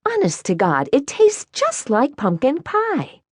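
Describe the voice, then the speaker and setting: A woman's voice: sits high, wildly swooping pitch, a little slow, dry recording, studio quality, pitched above the performer's own voice, heavily acted. A woman voicing a glamorous middle-aged widow with a breezy, playful manner.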